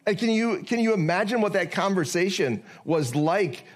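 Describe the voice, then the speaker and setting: A pastor with a somewhat high male voice delivers a sermon. He talks to the congregation in a conversational way, asking rhetorical questions. He slows down to read scripture deliberately. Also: animated. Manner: reads scripture slowly and deliberately.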